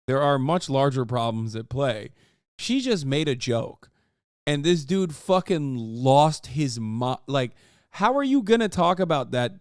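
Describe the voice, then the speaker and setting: Brief: 30s male streamer, smooth voice, dry close sound, sarcastic profane rants. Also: medium pitch, very animated, measured pace, no echo. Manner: profane, sarcastic, exasperated ranting. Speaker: streamer reacting to a video. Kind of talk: reaction commentary.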